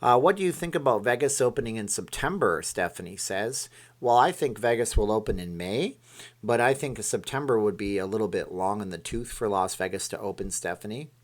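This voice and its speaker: A man's voice: on the low side, animated, fairly quick. A man hosting a casual live stream, rambling as he reads viewer comments aloud and answers them.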